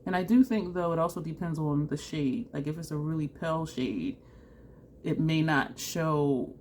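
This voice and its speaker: Woman makeup vlogger, low-pitched, chatty and self-mocking, faint hiss behind. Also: moderate pace, darkish tone. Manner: chatty and self-deprecating, laughs often. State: runny nose. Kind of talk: casual makeup tutorial chat.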